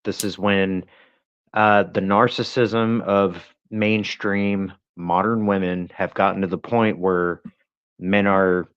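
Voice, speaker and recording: Deep slow-talking male co-host, lo-fi. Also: steady tone, clear, resonant tone. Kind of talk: casual livestream chat. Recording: dull lo-fi sound.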